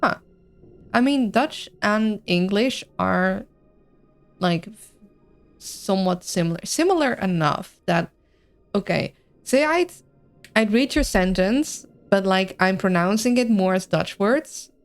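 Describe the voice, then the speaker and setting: A woman streaming a video game live, chatting in an excitable, rambling way with a mixed accent that is hard to place. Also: mid-range voice, takes it slowly, pauses often, soft background music. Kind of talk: live gameplay commentary, reading chat.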